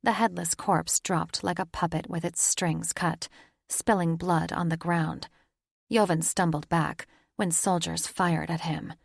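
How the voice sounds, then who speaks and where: A woman narrating an audiobook in a measured, dramatic read. Her voice sits low with a gravelly texture, and the close recording is dry, with no room sound. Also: fairly even intonation, dry recording. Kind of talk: scripted narration.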